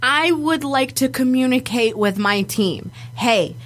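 A woman's voice: high voice, lively intonation, measured pace. A woman co-hosting a podcast, chatting casually and animatedly, swearing freely and laughing often. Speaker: podcast co-host. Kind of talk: casual chat.

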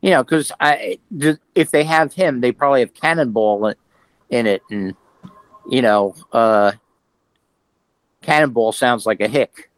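Guy on a podcast, mid pitch, dry close sound, kinda halting and rambly. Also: no echo, low-quality recording. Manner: hesitant, restarts and trailing thoughts. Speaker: podcast co-host. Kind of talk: casual chat.

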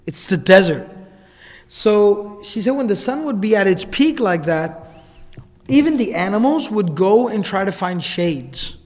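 A man with a high voice tells a story as a casual, chatty lecturer. His speech rings with the long reverb of a hall. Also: a little mellow. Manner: casual, conversational retelling with asides. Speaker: religious lecturer.

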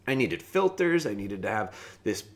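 A man's voice: mid-range voice, very animated, normal speed, vocal fry. A man hosting a podcast, telling a rambling personal story in a casual way, often correcting himself and chuckling at his own mistakes.

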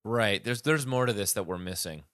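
A man's voice: on the low side, normal speed, fairly bright tone, dry recording, studio quality. A man co-hosting a podcast in casual chat, with easygoing, agreeable replies. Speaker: podcast co-host, runs the audio.

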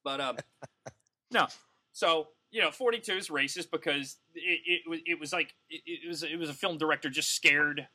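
A man's voice: on the high side, normal speed, bright, forceful tone. A man co-hosting a podcast, ranting with heat in a profane, casual way, full of fillers. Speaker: podcast co-host. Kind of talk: casual comedic rant.

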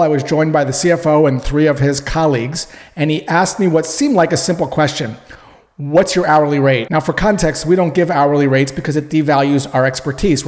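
Man, slightly high voice, calm anecdotal sales coach, long reverb on the recording. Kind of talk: storytelling sales advice.

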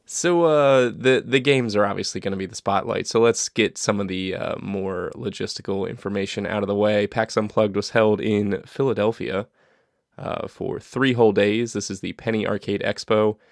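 Podcast host, man, gravelly low voice, dry sound, self-deprecating jokes. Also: no room sound. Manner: jokey, rambling, self-deprecating. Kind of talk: casual podcast chat.

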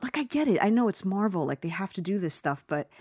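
A woman's voice: medium pitch, quick pace, breathy edge, dry recording. Ranting woman, dry sound. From United States. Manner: animated, ranting, many fillers and restarts. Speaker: podcast co-host reviewing a film. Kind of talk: casual opinionated chat.

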